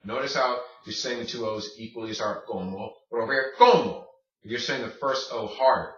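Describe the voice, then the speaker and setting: Man, Spanish tutor, bright tense voice, slow repeated drills, distant dull mic. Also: medium pitch, fairly even intonation, echoey room. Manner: drills words slowly and repeats them. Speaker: Spanish teacher. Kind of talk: recorded language lesson.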